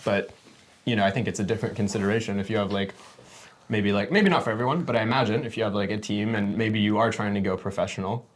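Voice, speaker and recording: Low-pitched American guy, easygoing podcast guest who rambles and jokes around. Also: quick pace. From United States. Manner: rambling, jokey, laughs often. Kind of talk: casual chat.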